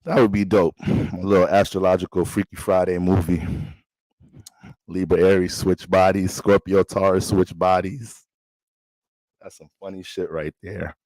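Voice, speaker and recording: A man's voice: sits low, level tone, measured pace, long pauses, darkish tone, dry recording, low-quality recording. A man performing a comedic astrology sketch monologue, playful and switching between character voices.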